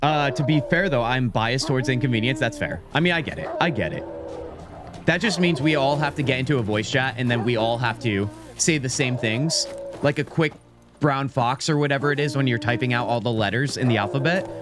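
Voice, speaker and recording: Over music, an American man with a mid-range voice talks briskly while streaming a game. He rambles and chats casually, reading menu options aloud as he goes.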